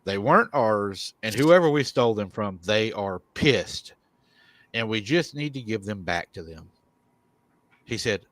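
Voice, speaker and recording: A man hosting a live paranormal show, retelling a viewer's encounter in an animated way and chuckling often. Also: lowish voice, unhurried, no room sound.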